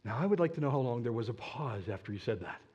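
Animated storytelling preacher, man. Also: medium pitch, fast, breathy edge, muffled recording. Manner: animated and dramatic, with asides to the audience. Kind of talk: storytelling sermon.

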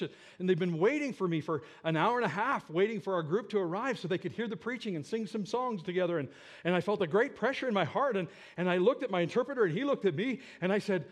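A man preaching in church, telling a personal story in an earnest way that moves between loud moments and hushed ones. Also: high voice, lively intonation, fast talker. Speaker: pastor. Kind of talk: sermon storytelling.

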